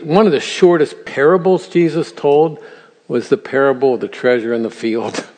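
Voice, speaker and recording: A man's voice: medium pitch, fairly even intonation, moderate pace, darkish tone. An older man teaches in a sermon style, earnest and storytelling, often chuckling at his own asides. His mid-range voice carries a long reverb that fills a big hall. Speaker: speaker at a church seminar for grandparents.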